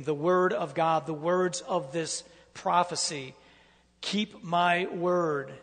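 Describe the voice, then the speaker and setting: A man's voice: sits high, a bit bright, long reverb tail. A man preaching a sermon, reading scripture aloud with emphatic, repetitive phrasing.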